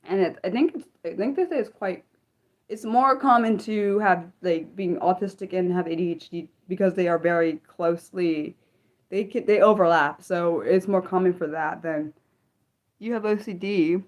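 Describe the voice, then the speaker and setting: A young woman hosting an unscripted livestream, chatting excitedly with viewers and answering chat, with lots of fillers and restarts. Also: fairly low pitch, normal speed. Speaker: livestream host.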